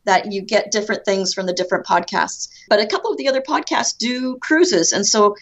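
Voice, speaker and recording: A woman's voice: mid-range voice, brisk. Chatty Canadian woman guest. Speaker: podcast guest. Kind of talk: casual podcast chat.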